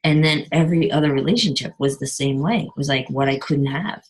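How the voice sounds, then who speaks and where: A middle-aged woman caller sharing on a video call, speaking haltingly and clearing her throat often, heard over poor call audio. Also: low-pitched. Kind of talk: personal sharing on a group call.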